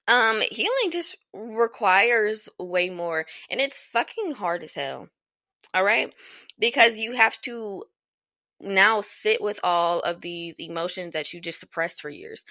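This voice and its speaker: A woman's voice: medium pitch, sharp tone, dry recording. A young woman hosting a podcast, giving casual advice in a blunt, emphatic way, swearing freely and repeating lines for emphasis. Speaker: podcast host.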